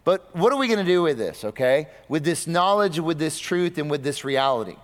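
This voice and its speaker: A man preaching a sermon, asking his listeners rhetorical questions and swinging between loud, high bursts and low, quiet stretches. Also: lively intonation, brisk. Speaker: pastor. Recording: long reverb of a hall.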